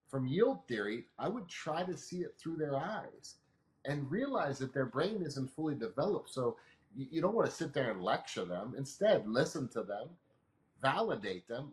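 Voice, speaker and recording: A calm, patient man explains things the way a teacher would, leaning on everyday examples. His voice sits at an ordinary middle pitch. The recording has a noticeable roomy echo around it. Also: normal speed. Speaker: emotional management expert guest. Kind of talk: explanatory interview answers.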